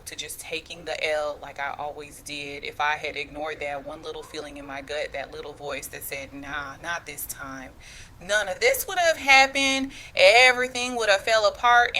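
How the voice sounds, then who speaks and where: A woman in her thirties tells her own family drama in the first person, leaning in close to the listener with slangy, confiding asides. Her voice sits on the low side but comes across bright and forceful. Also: a little hiss or hum. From United States. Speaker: storyteller.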